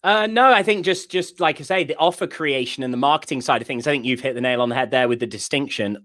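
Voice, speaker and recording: A laid-back British man co-hosting a podcast, talking loosely and hunting for words with plenty of fillers. His pitch stays in a middle range. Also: quick pace, fairly bright tone. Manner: easygoing, hesitant, filler-heavy. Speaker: podcast co-host. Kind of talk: casual podcast chat.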